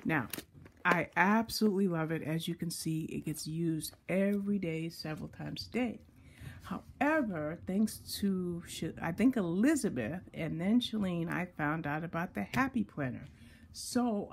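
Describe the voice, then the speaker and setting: A woman's voice: lowish voice, darkish tone, slight background noise. A woman book blogger chatting casually as she shows her planners, often stopping to correct herself. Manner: chatty, self-correcting, reads lists slowly. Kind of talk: casual show-and-tell vlog.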